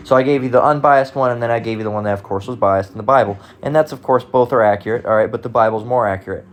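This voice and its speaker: A man's voice: mid-range voice, fast talker. A man giving casual, rambling commentary on online comments, talking bluntly and profanely with frequent restarts.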